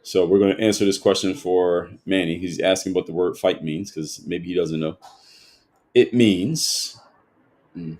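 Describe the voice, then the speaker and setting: A man's voice: deep voice, flat delivery, fairly quick, hardly any pauses, a little mellow. A man hosting a livestream, reading chat comments aloud and arguing back at them in a lecturing way. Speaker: livestream host.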